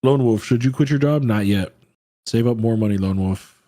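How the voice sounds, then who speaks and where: A man's voice: medium pitch, moderate pace, dark tone, no room sound. A man hosting a trading livestream, chatting casually and answering viewer questions in a laid-back, slangy, profane way.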